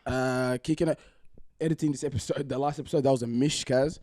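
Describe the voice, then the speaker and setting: A man's voice: medium pitch, fairly even intonation, fast, warm tone. A young Australian man hosting a podcast, laid-back and slangy, laughing often as he chats. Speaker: podcast host. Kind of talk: casual chat.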